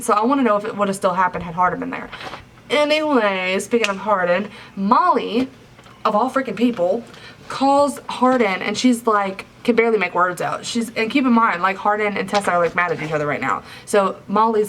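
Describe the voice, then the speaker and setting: Recorded on a somewhat distant mic with light hiss behind her, this young adult woman recaps a novel for her review vlog. Her mid-range voice is a bit bright, and her chatty retelling is full of "like."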